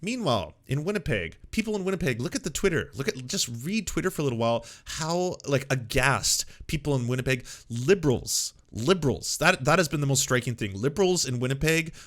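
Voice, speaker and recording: A young man hosting a political commentary show, animated and sarcastic, slipping into mocking voices of the people he quotes. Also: medium pitch, quick pace, hardly any pauses. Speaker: host.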